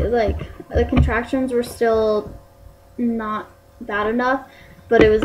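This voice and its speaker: A young woman talks casually into her camera mic, her voice sitting a little high. She rambles along with plenty of "like" and "um" fillers, in the easy way of a personal vlog. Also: rough recording. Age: young adult. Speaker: vlogger.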